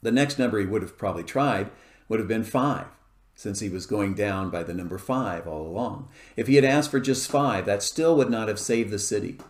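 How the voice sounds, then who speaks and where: A man preaching an expository sermon, explaining a scripture passage verse by verse in a measured way. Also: fairly low pitch. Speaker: pastor. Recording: echoey room.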